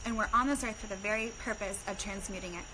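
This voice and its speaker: A woman's voice: medium pitch, steady tone, quick pace, background noise. Chatty, profane woman streaming live. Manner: breezy, chatty and profane, with lots of "like". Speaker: livestream host. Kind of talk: casual spiritual livestream talk. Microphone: phone camera on a live stream.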